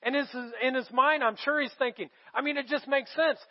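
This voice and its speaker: A man's voice: very high voice, fairly even intonation, fairly quick, highs cut off. A man pastor giving a sermon, telling the story casually with bursts of emphasis.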